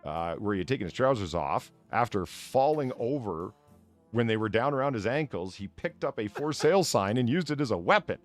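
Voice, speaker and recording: A man hosting a casual podcast, reading odd news stories aloud, laughing often and tripping over words. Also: mid-range voice. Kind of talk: casual chat.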